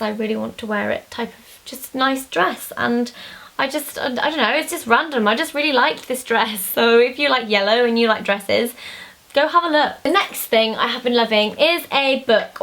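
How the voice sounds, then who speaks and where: Chatty girl rambling on about her faves, kinda high pitched. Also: fairly bright tone. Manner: chatty, bubbly, rambling with many fillers. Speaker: beauty vlogger. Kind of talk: casual chat.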